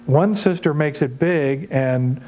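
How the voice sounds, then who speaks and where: A man's voice: a little high, slow pace, mellow, a little hiss or hum. A man hosting an interview, asking probing, conversational questions.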